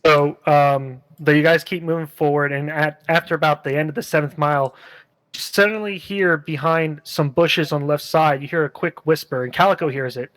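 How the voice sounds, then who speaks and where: A man's voice: on the high side, moderate pace, dry recording, poor audio. Rambling male game master. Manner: relaxed, rambling, many fillers. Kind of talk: narrating a tabletop game.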